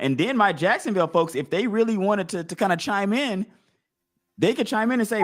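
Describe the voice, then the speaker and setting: A man hosting a casual live stream, talking through his choices out loud and acting out imagined crowd voices. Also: sits high, animated, brisk. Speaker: fantasy football league podcast host.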